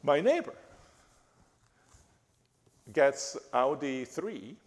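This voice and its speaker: A man giving a talk in a church, speaking haltingly with frequent restarts and fillers. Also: mid-range voice, sing-song. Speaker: guest speaker. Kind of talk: church lecture. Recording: reverberant church hall.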